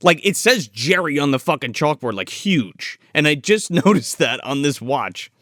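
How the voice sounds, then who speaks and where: A man's voice: on the high side, expressive, normal speed, a bit bright, no room sound, clean studio sound. A man co-hosting a casual film review podcast, swearing freely and laughing as he recaps scenes playfully. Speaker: podcast co-host.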